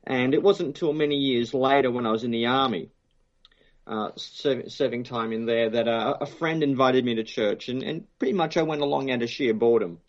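A man's voice: medium pitch, fairly quick. Australian man, guest on a radio interview, easygoing, chatty, lots of ums, muffled lo-fi sound. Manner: relaxed, jokey, many fillers and restarts. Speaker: guest theologian. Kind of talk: phone interview, casual conversation.

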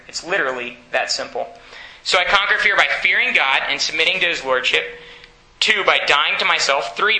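A man's voice: fairly high pitch, bright, forceful tone, roomy sound, poor audio. A man preaching a sermon in an earnest, exhorting way, often putting questions to his listeners.

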